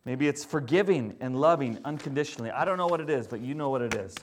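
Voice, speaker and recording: A man preaching a sermon in a conversational, animated way. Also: medium pitch, quick pace. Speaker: pastor.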